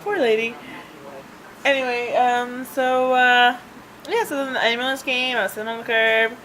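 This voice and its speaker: A woman's voice: fairly high pitch, flat delivery, moderate pace, fairly bright tone, slight background noise, low-quality recording. A woman vlogger telling a personal story in a rambling, chatty way, laughing often and filling gaps with ums and restarts, recorded on a handheld device. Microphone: handheld device camera.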